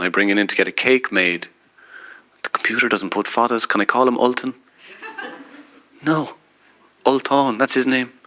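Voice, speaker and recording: A man's voice: fairly low pitch, pushed and bright. A man with an Irish accent, reading poetry and then talking on a festival panel in an earnest, emphatic way. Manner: earnest and emphatic, with bursts of laughter.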